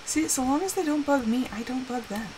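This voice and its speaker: A woman game streamer with a high, bouncy voice that swings all over the place, chatting with her viewers and erupting into theatrical, exasperated protests. A clear layer of background noise sits under her voice. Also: expressive, fairly quick. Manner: dramatic, exasperated outbursts; chatty asides to chat. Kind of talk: live gameplay chat with viewers.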